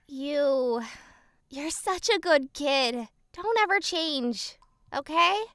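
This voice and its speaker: A woman's voice: high voice, expressive, very slow, a bit bright, no room sound, clean studio sound, full character voice. A woman voicing a teasing, tender motherly young woman in a fan game dub, cooing playfully.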